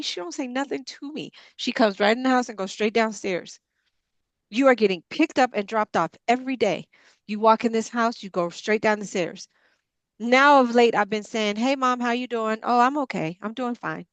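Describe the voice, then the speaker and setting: Brief: middle-aged woman, Bible study leader, frank and impassioned, higher-pitched voice, dry close sound. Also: no room sound. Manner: blunt, impassioned, frank swearing. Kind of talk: candid group discussion.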